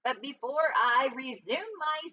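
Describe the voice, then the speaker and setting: A woman voicing a pompous male chief weasel who makes a slow, mock-grand after-dinner speech in a storybook reading. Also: sits high, animated. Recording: dull lo-fi with faint hiss.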